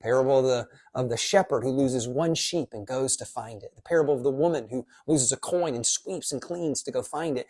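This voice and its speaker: A pastor giving a casual devotional teaching in a lively, conversational way, dropping quick asides. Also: medium pitch.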